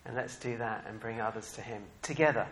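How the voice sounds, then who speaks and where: Animated preacher man, soft then loud. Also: on the low side, a little hiss or hum. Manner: animated, laughing often, rising to bursts of loud excitement then dropping soft. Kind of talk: sermon.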